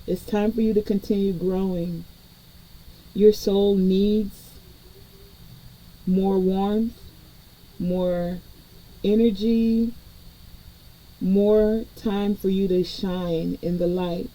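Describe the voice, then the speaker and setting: Brief: woman spiritual reader, very mellow dark tone, chatty and direct with viewers. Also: medium pitch, low-quality recording. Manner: conversational, addresses viewers directly. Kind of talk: collective spiritual reading.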